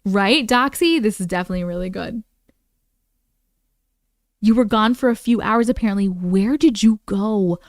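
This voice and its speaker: A woman hosting a live stream, reading viewer stories aloud and reacting with animated exclamations and swearing. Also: mid-range voice, normal speed, pauses often, no echo.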